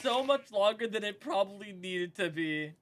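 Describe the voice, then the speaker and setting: A woman's voice: mid-range voice, lively intonation, moderate pace. A young woman chatting casually while gaming, making playful joking reactions. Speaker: streamer.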